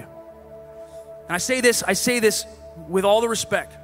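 A man preaching a sermon in a conversational, animated way, swinging from loud exhortation to hushed asides. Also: high-pitched, normal speed, long pauses, soft background music.

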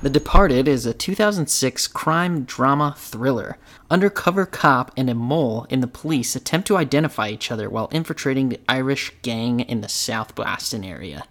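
Opinionated casual podcast host. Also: male voice, mid-range voice, lively intonation, moderate pace, a bit bright. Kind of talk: casual chat.

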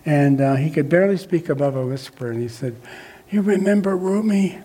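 A man's voice: medium pitch, quick pace, dark tone. An older man telling his recovery story to a group, rambling and reflective with many fillers and restarts. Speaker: recovery meeting speaker. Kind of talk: personal testimony to a group.

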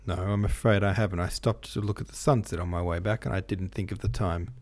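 A man's voice: deep voice, fairly even intonation, fast, darkish tone. A man voicing a mild, polite young male doctor's assistant in an audiobook reading, speaking in a restrained way. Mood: apologetic.

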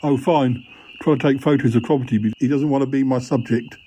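A man voicing a bumbling, flirtatious yeti uncle in a comedy audio drama, hesitant and full of fillers, with some pitch dropping low. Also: fairly even intonation, fairly quick, dark tone, husky, close to an everyday voice. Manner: hesitant, full of "uh" and "you know".

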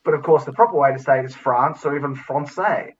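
A man's voice: medium pitch, very fast, a little hiss or hum. Blunt Australian man, distant lo-fi mic. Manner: blunt, provocative, musing. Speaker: podcast co-host. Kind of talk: casual podcast banter. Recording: distant, dull lo-fi sound.

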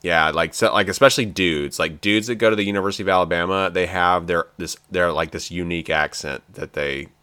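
A man with a bright, forceful voice, crisp and clear, riffs excitedly through a casual trailer chat. He is from the US South and jokes a lot, leaning on fillers. The sound is dry and close, with no room around him. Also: low voice, brisk, hardly any pauses, no room sound. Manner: excitable, joking, lots of fillers. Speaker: podcast co-host.

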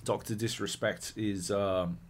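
Sweary, animated man on a podcast. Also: lowish voice, measured pace. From Australia. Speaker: podcast co-host. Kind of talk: casual chat.

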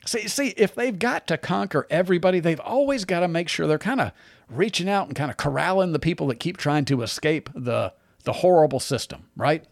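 Male host, sarcastic commentary, very animated pitch, dry close sound. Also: brisk, vocal fry, no echo. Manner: sarcastic, animated, frequent restarts and laughs. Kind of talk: opinionated solo commentary.

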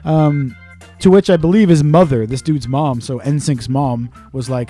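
A podcast co-host with a medium-pitched, animated, mellow voice tells stories in casual chat, talking fast, swearing a lot, and acting out quotes. Faint music plays behind him.

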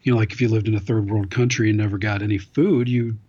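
A man's voice: fairly low pitch, fairly even intonation, fast, warm tone, highs cut off. A man hosting a podcast in casual chat, rambling and wry with some profanity. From now living in California. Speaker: podcast host.

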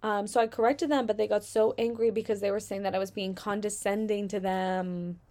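A woman's voice: mid-range voice, fairly even intonation, brisk, a little mellow. A woman from Southern Virginia with a Southern American accent, reading out customer stories and reacting with sarcastic, chatty commentary and free swearing.

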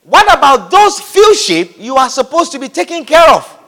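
A preacher acting out an angry scornful older brother. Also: male voice, very high voice, very animated, normal speed, sharp tone, voice pushed up, heavily acted. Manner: demanding, accusing. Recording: echoey hall reverb.

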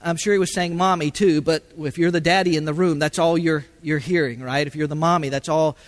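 A man's voice: fairly high pitch, steady tone. Preaching man with a sweeping, dynamic delivery. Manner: dynamic preaching, swings from loud calls to hushed pauses. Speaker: pastor. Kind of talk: sermon.

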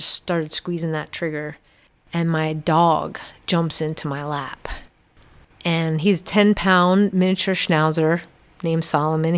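A middle-aged woman, a podcast guest, giving an earnest, halting personal testimony in a quiet, reflective way. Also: fairly low pitch, smooth.

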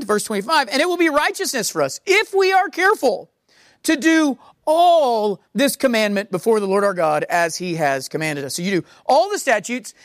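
A woman delivers a sermon in a somewhat high voice. She stresses and repeats key words and slows right down when reading scripture. The sound is dry and close, with no room echo. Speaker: preacher.

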